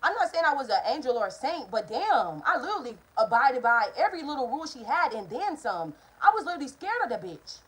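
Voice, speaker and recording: A young woman talks straight to her viewers in a casual storytime vlog. Her voice sits a little high and slightly husky. She is candid and heated, and she swears freely. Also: very animated, fast, hardly any pauses, a bit bright, low-quality recording. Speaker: vlogger. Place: hot apartment room, indoors.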